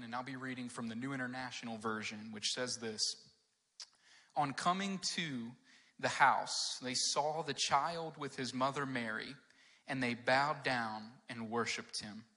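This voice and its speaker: A man with a sharp, mid-range voice, a children and youth pastor, gives a casual, chatty children's sermon during a church service in a large hall. He has no personal mic, so the room picks him up as he calls listeners "guys" and uses many fillers.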